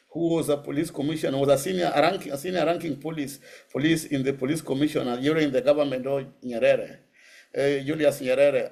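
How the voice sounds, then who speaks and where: A middle-aged man with a Kenyan accent speaks at a public lecture. His voice sits a little high for a man, and he tells personal stories in a lively, animated way. He laughs easily and slips into Swahili now and then. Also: creaky. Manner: animated storytelling, laughing often and switching into Swahili. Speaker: guest lecturer.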